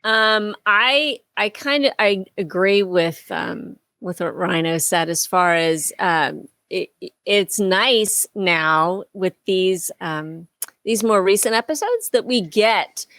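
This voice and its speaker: A woman talking slowly and unhurriedly, pausing with fillers as she thinks her way through a point. Her manner is hesitant and thoughtful in a casual podcast chat. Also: mid-range voice, fairly bright tone, no room sound, studio quality. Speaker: podcast co-host.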